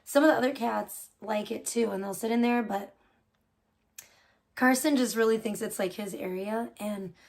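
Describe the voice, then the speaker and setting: A woman's voice: on the high side, moderate pace, vocal fry. A young woman chatting casually on a late-night livestream, rambling with lots of fillers and casual swearing. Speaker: live streamer.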